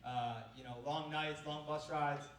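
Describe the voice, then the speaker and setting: A young man, a college baseball coach, speaks to a crowd in a fairly high voice. He rambles through his stories, leaning on "you know" over and over. The sound is roomy and a bit distant, as if picked up from across a hall. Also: steady tone, measured pace, a bit bright, a little hiss or hum. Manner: rambling, filler-heavy storytelling. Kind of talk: speech to an audience.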